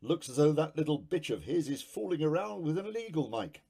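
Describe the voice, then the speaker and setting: A man's voice: a little high, sing-song, brisk, creaky, mellow, slightly rough, voice pushed up, full character voice. A man voicing a brusque, sneering village heavy who obeys his boss.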